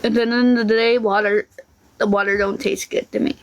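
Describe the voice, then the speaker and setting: A woman's voice: mid-range voice, level tone, a little fast, vocal fry. A woman ranting casually to camera in a rambling, aggrieved way, swearing freely. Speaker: vlogger.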